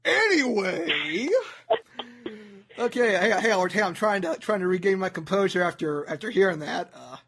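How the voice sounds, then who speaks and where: A man's voice: sits high, fast talker, hardly any pauses, a bit bright. A man hosting a talk show interview, making jokes and often stumbling over his words. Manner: jokey, stumbles and repeats himself. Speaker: host.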